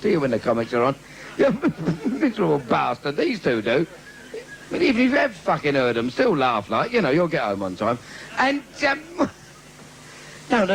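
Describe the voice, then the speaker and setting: A man with a London accent doing a bawdy stand-up routine in a live theatre, bantering cheekily with the crowd and laughing at his own jokes. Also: fairly high pitch. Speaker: stand-up comedian. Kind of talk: live comedy club routine. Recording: noisy 1980s live video.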